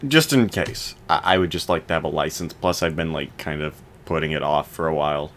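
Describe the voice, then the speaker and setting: A man's voice: very deep voice, a little fast, a bit bright, a little hiss or hum. A young man just over eighteen co-hosting a podcast, tossing out dry, teasing quips in casual banter. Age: young adult. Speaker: podcast co-host.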